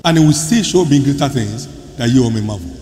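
A man preaching a sermon as pastor, emphatic, with sudden loud bursts and soft drops. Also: medium pitch, lively intonation, brisk. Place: large church hall. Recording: large hall, reverberant, faint room noise.

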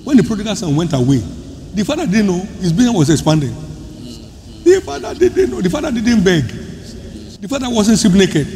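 Emphatic pastor in a big hall. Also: male voice, fairly high pitch. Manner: emphatic preaching, sudden loud bursts and soft drops. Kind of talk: sermon. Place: large church hall. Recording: large hall, reverberant, faint room noise.

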